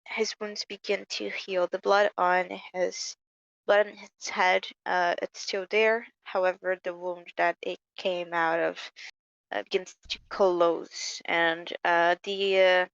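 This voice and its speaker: A woman narrating as game master of a tabletop game, halting, with many ums and repeated words. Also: fairly low pitch, level tone, gravelly, fairly bright tone, no echo, dull audio.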